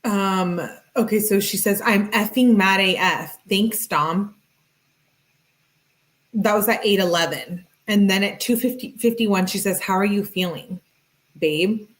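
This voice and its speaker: A woman's voice: mid-range voice, a little slow. A woman streamer reading text messages aloud, breaking in with sarcastic comments and thanking viewers in the chat. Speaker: true crime streamer.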